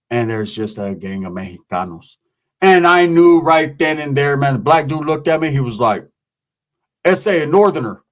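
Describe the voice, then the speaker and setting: A man telling a story in casual, animated, slang-heavy talk, acting out the quotes and swearing often. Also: fairly high pitch.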